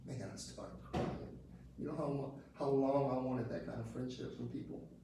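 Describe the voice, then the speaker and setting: A man's voice: mid-range voice, fairly even intonation, normal speed, creaky. A man giving an emotional personal testimony to a group, telling it in a conversational way with many restarts. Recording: echoey room from far off with ambient noise.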